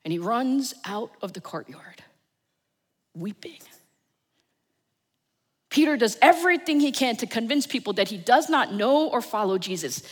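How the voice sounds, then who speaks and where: A woman with a New Jersey accent preaching a Sunday sermon, telling the story with dramatic swings from loud to hushed. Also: fairly high pitch, very animated, a little slow, pauses often, slightly rough. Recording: long church reverb.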